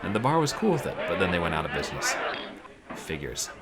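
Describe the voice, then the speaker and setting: A man's voice: deep voice, sing-song, fast talker, a loud crowd, heavy background noise. A man casually commenting while playing an old game, with wry, musing asides.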